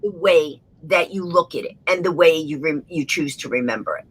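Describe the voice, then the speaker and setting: A woman guest telling a comic story with lively delivery, acting out the voices of the people in it. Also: sits low, moderate pace, husky. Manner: animated, acts out the voices in her story.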